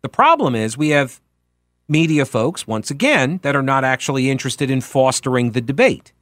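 A man's voice: medium pitch, expressive, normal speed, fairly bright tone, dry recording, clean studio sound. A man hosting a political talk radio show, speaking in an opinionated, sarcastic and emphatic way.

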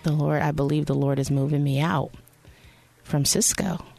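A woman's voice: deep voice, flat delivery, normal speed, gravelly, warm tone, no echo. A woman hosting a radio show, telling a personal faith story in a chatty way and speaking straight to her listeners. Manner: chatty, addresses listeners directly.

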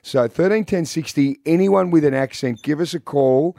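A man's voice: on the high side, moderate pace, gravelly, mellow, dry recording. A man with an Australian accent hosting breakfast radio, joking and upbeat. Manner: jokey, upbeat, laughs easily. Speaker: radio host. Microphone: studio microphone.

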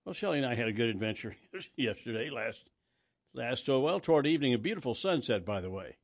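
A man's voice: mid-range voice, big pitch swings, quick pace. An older man hosting a morning radio show, telling rambling stories with frequent restarts and easy laughs. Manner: rambling, self-interrupting storyteller who laughs easily. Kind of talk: casual radio banter. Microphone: studio microphone.

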